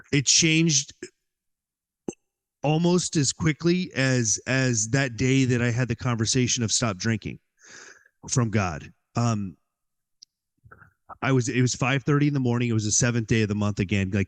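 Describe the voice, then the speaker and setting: A man as a podcast guest, telling a personal story in an animated way and acting out his own inner dialogue, with many "like"s. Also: medium pitch.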